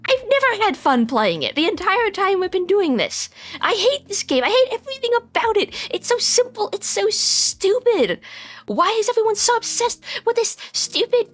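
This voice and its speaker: A woman voicing an upset young man who has been rejected by his best friend, his voice climbing shrill whenever he gets worked up. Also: fairly even intonation, moderate pace, sharp tone, smooth. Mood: furious.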